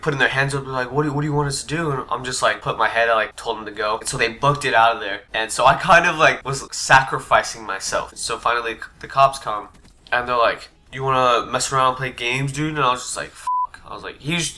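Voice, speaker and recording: A man's voice: mid-range voice, sharp tone. A young man telling a personal story to his channel in a laid-back way, swearing and full of fillers. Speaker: vlogger. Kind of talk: casual storytime. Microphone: desk USB mic.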